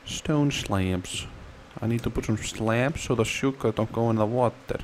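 A man casually commenting on his game, playful and sing-song, now and then squealing words in a high silly voice. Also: a little slow, slight background noise. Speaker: gamer.

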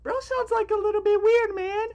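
A young man hosting a reaction video from a small room at home, loud and excitable, full of slang. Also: very high voice, moderate pace. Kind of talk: casual reaction commentary.

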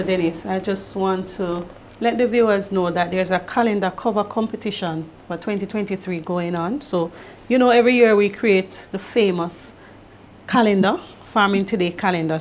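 A woman's voice: medium pitch, a little hiss or hum. Woman reading viewer questions. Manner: businesslike, reads numbers slowly and carefully. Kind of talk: online presentation moderation.

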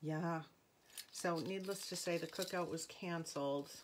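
A woman's voice: fairly low pitch, fairly even intonation, unhurried, a little hiss or hum. A middle-aged woman with a New England accent hosting a live jewelry sale, chatting with viewers and calling out item numbers.

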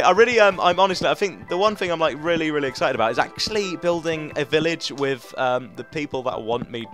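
A young man rambling excitedly through let's play commentary as he builds in a game, with lots of fillers. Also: medium pitch. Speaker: gaming host.

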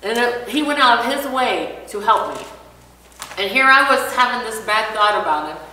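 A woman with a bright, fairly high voice tells a personal story to her church class, acting out each line of dialogue. She sounds distant from the microphone, and the room around her rings with long reverb. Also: animated, moderate pace, a little hiss or hum.

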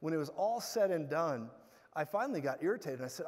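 A man preaching a sermon, telling stories in an animated way with bursts of loud laughter. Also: on the high side, fast. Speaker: guest preacher. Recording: hall reverb.

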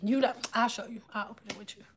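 A woman's voice: fairly high pitch, fairly even intonation, fast, a little hiss or hum. A woman in her thirties, chatting and joking straight to her viewers in a casual vlog. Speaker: vlogger. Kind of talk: casual chat to viewers while doing hair.

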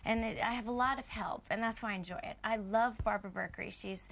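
A woman's voice: mid-range voice, fairly even intonation, fast talker, creaky, fairly bright tone. A woman actress chatting as a guest on a morning television sofa, bubbly and self-deprecating, laughing often.

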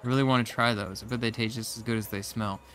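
A man's voice: medium pitch, fairly even intonation, fast, fairly bright tone, soft background music, lightly acted. A man reading aloud the lines of a hungry homeless male character stuck on a beach in a video game, in a chummy manner that calls everyone bro.

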